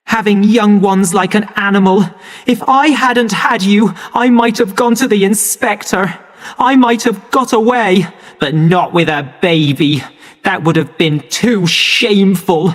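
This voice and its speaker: Guy doing a shrill upset mom, bitter and tearful, way up high, long echoey reverb. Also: measured pace. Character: distraught bitter woman, a troubled mother.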